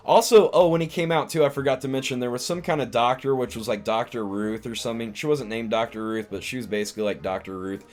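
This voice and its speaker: A man's voice: medium pitch, steady tone, fast, few pauses, darkish tone, faint music behind. A man hosting a live stream, casually recapping a film in a rambling way with lots of restarts and filler words. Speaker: live-stream host, comedian.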